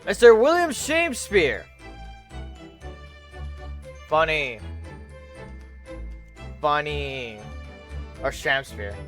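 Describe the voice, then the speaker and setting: Guy putting on a lower grumpy inspector voice, dry and sarcastic. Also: fairly bright tone, exaggerated voice. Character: gruff, sardonic male police inspector.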